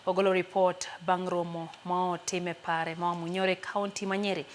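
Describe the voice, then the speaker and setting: A woman presenting a news report in a steady, even reading voice. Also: fairly low pitch, moderate pace, a little hiss or hum.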